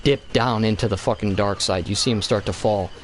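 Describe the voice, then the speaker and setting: Excitable swearing man ranting casually. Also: fairly low pitch, brisk. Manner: rambling, excitable, heavy swearing. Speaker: game streamer. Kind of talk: casual profane movie rant. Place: home basement.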